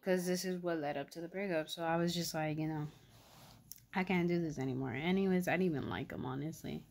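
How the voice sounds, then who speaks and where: A woman's voice: fairly low pitch, fairly even intonation, fast talker, a little mellow. A young woman vlogger telling a story in casual, slangy talk full of fillers. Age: young adult.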